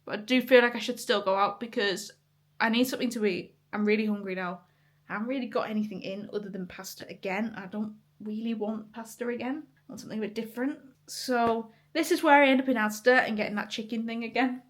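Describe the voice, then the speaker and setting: A woman's voice: fairly high pitch, fast talker. A young woman chatting casually to camera in a vlog, swearing offhandedly and laughing often. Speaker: vlogger and musician.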